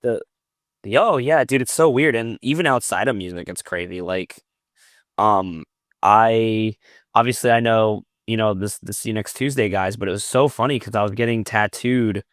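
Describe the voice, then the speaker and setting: A man's voice: lowish voice, moderate pace, no room sound, clean studio sound. A man, a podcast guest and metal vocalist, telling long stories in casual chat over a video call. He acts out quoted back-and-forths and swears often.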